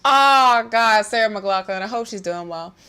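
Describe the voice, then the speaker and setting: A woman from Southern Maryland co-hosting a podcast, reading listener comments in a giggly, excitable, casual way with some swearing. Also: mid-range voice, unhurried, clear, resonant tone. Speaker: podcast co-host.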